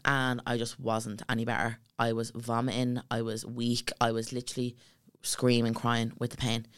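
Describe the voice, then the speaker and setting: A woman's voice: a bass voice, normal speed, clean tone, no echo, clean studio sound. A young woman with a Dublin accent, co-hosting a podcast and telling a story in casual, laughing chat. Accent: Irish, Dublin. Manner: animated, laughing, swearing, slangy. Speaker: podcast co-host.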